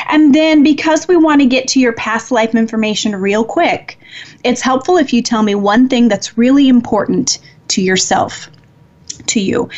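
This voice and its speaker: A woman with a fairly high voice hosts a live spiritual reading stream. She speaks slowly and earnestly, softly, and laughs gently now and then. The sound is a little dull and muffled. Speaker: psychic reader hosting a live show.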